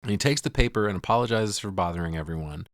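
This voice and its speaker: A man with a fairly low voice recaps a film on a podcast, swearing freely and voicing each character's lines himself. His voice is recorded dry and close to the mic. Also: quick pace, no room sound. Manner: profane, retells scenes acting out lines. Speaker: podcast host. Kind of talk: casual film recap with acted quotes.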